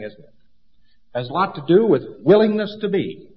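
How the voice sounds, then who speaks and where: A man's voice: sits high, very animated, brisk. A man giving a lecture in an emphatic, folksy way and acting out little anecdotes. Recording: dull lo-fi recording in a reverberant hall.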